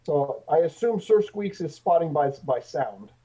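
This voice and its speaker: Mellow-voiced man running a tabletop game. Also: fairly high pitch, expressive, poor audio. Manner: halting, many fillers and restarts. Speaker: game master.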